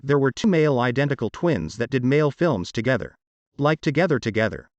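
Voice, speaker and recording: Man narrating online posts, lively pitch. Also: fairly quick, no echo, highs cut off. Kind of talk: reading online posts aloud.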